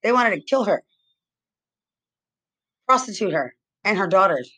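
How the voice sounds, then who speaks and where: A woman's voice: medium pitch, lively intonation, measured pace, bright, forceful tone, husky. A woman from Texas delivering an angry, rambling monologue full of repeated accusations and profanity. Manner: agitated, accusatory, repetitive, profane.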